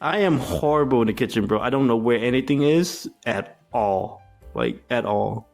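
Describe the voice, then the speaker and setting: A man's voice: medium pitch, animated, normal speed, a little mellow, soft background music. A man co-hosting a casual podcast chat, telling stories with lots of cursing and laughter. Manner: profane, laughing storyteller. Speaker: podcast co-host.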